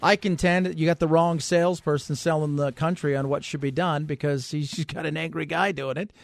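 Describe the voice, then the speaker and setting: A male talk radio host giving animated, joking commentary and often restarting his sentences. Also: fairly high pitch, fairly quick, no room sound. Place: radio studio. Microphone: studio microphone.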